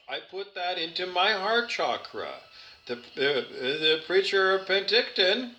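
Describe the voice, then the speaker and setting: A man's voice: sits high, sing-song, a little slow, bright, forceful tone. A man giving an earnest spiritual monologue, repeating his phrases and stumbling over his words. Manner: earnest, repetitive, with stumbles and restarts.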